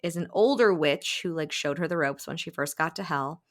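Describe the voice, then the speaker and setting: Brief: lower-pitched woman, animated book-recap host, acts out quotes. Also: fairly quick. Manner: animated retelling, acting out quotes, frequent laughs. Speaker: podcast host. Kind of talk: casual book-recap chat.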